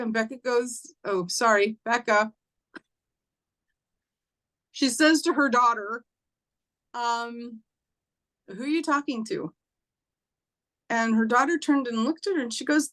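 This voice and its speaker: A woman telling a personal ghost story in casual chat, acting out what people said in a lifted voice. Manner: animated, acts out quoted voices with raised pitch; conversational, with fillers and occasional laughs. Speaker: spiritual teacher and host.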